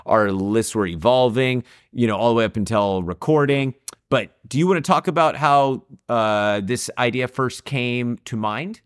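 Relaxed male podcast co-host, dry sound. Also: mid-range voice, normal speed, clean tone, no room sound. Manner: relaxed, lots of fillers. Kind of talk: casual chat.

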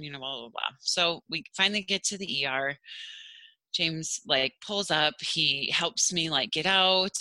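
A woman tells a personal story in a loose, rambling way, filling it with "like" and acting out the voices of other people. Her voice is very bright. The recording is dry and close, with no room sound. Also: deep voice, dry recording, rough recording. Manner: rambling, many fillers and "like"s, acts out quoted voices.

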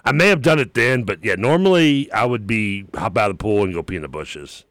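A man's voice: fairly low pitch, animated, fairly quick, a bit bright, no echo, studio quality. A man co-hosting a radio show in casual banter, rambling through memories and often laughing. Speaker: sports radio co-host. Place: radio studio.

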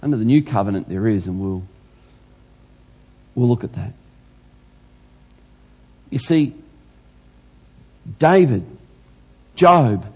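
Aussie pastor guy preaching, husky voice, a bit high, gets loud and fired up. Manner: animated, rising to loud exclamations. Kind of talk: sermon.

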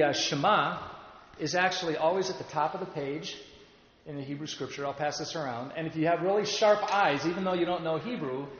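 A man teaching an adult Sunday school class, explaining slowly and leading the group in reading aloud. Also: a little high, highs cut off, slight background noise. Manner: explanatory, leads group readings, pauses with fillers. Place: church classroom. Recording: echoey roomy recording from a distance.

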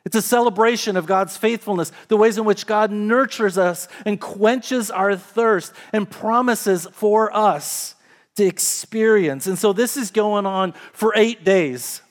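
A man's voice: sits high, measured pace. A man preaching a sermon as a pastor, telling a scripture story in a conversational way with rising and falling emphasis.

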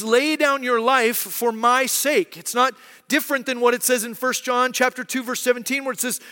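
Male pastor, thirties, high bright delivery, chatty sermon, church hall reverb. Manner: conversational, keeps asking "right?"; acts out quoted voices.

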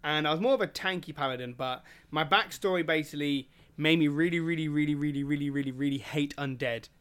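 A man's voice: fairly high pitch, fast talker, smooth. A man, chatting casually on a gaming podcast and acting out quotes as he tells stories. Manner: animated storyteller, acts out quotes. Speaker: podcast co-host.

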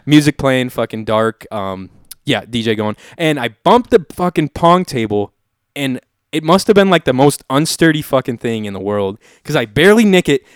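A man in his twenties hosts a podcast with a clear, resonant voice. He tells his story in a relaxed, rambling way, full of filler words and casual swearing. The sound is close and dry. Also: mid-range voice, moderate pace, dry recording. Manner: laid-back, swears freely, heavy filler words. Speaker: podcast host.

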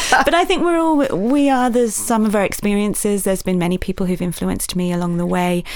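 A woman's voice: medium pitch, moderate pace, a little mellow, dry recording. A woman from Yorkshire, an author and journalist, talks earnestly about activism in an interview, with self-mocking asides. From Yorkshire, England. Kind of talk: conversational interview.

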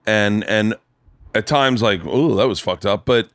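A man hosting a podcast in casual chat, talking in a rambling, animated and profane way. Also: lowish voice, measured pace, no room sound, studio quality. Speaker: podcast host. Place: home studio.

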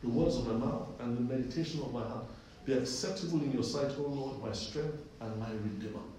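A man's voice: mid-range voice, fairly quick, mellow, slight background noise. Man preaching in an echoey room. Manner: conversational preaching, repeats phrases for emphasis. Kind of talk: sermon with personal story. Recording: echoey distant room recording.

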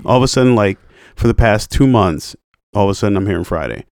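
A man's voice: fairly low pitch, animated, fast talker, a little mellow, dry recording, clean studio sound. A young man co-hosting a casual podcast, arguing stubbornly and swearing as he rants. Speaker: podcast co-host. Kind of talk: casual chat.

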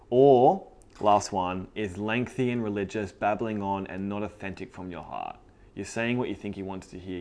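A man's voice: low-pitched, darkish tone. A man preaching a sermon in a casual, conversational way, earnest and often breaking into short laughs. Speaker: pastor.

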